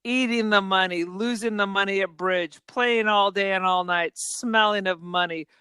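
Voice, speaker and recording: A woman's voice: mid-range voice, fairly even intonation, moderate pace, pushed and bright, clear, resonant tone, no echo, lightly acted. A woman reading aloud as a cold, misogynist middle-aged uncle delivering a long, contemptuous monologue.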